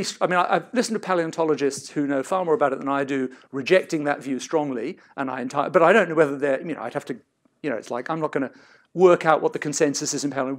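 Middle-aged male academic, slightly high voice, seminar talk, rambling self-corrections. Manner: discursive, self-interrupting, hedged. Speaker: seminar lecturer.

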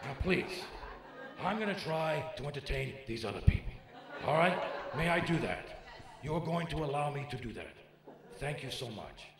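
Man impersonating a gravelly brash stand-up, foul-mouthed, lively swoops in pitch, live crowd heard behind. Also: moderate pace. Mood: combative. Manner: gravelly, barking at hecklers, swinging from mutters to shouts. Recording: echoey live club with crowd noise.

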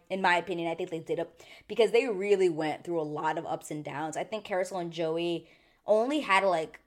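A woman recapping a reality show in casual chat, animated and laughing, slipping into quick voices when quoting people. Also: fairly low pitch. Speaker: TV recap host.

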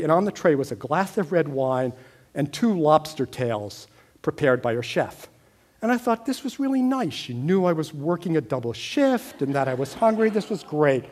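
A middle-aged American man telling a personal story on stage, wry and deadpan, growing animated at times. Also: fairly high pitch. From United States. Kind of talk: storytelling talk.

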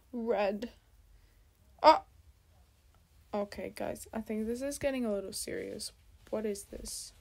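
A woman's voice: mid-range voice, slow, creaky, long pauses, darkish tone. A woman YouTuber in a storytime vlog, reacting dramatically with exclamations and sudden whispers.

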